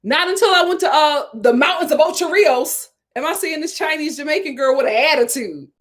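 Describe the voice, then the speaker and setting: An American woman hosting a casual commentary show, reading viewer comments and telling stories in an animated, chatty way. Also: high-pitched, brisk. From United States. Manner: animated, storytelling. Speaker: host.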